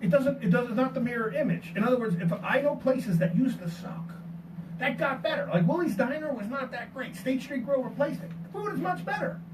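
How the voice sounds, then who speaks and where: Man, high voice, animated storyteller, distant noisy recording. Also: brisk. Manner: animated storytelling, rhetorical questions. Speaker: podcast host. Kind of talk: casual group discussion. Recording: noisy, distant room mic.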